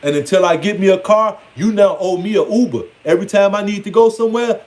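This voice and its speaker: High-voiced man giving a blunt rant. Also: fast talker, darkish tone. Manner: blunt, mocking, playfully scolding. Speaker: spiritual speaker. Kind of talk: casual preaching monologue.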